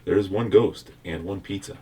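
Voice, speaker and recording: A man acting as game master in a board game playthrough, reading out results in an even, formal way and laughing often. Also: sits low, normal speed, slight background noise.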